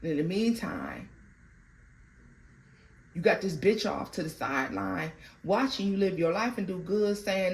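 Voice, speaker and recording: A woman giving a tarot card reading in a blunt, profane way, swinging between loud outbursts and quiet murmurs. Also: fairly low pitch, big pitch swings, unhurried, pauses often, low-quality recording. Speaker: tarot reader.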